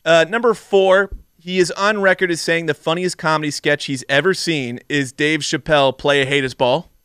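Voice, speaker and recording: Male podcast co-host, fairly high voice, dry close mic, upbeat fact-reader. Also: steady tone, moderate pace, fairly bright tone, clear, resonant tone, dry recording. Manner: reads fun facts and lists, upbeat. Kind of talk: casual movie podcast chat.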